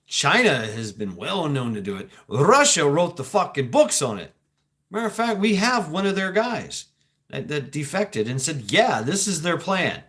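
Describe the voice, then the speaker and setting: A man's voice: on the high side, wildly swooping pitch, a bit bright. Rambling man. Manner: rambling, halting, swearing, laughs often. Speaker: livestream host reading chat. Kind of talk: casual talk, reacting to chat.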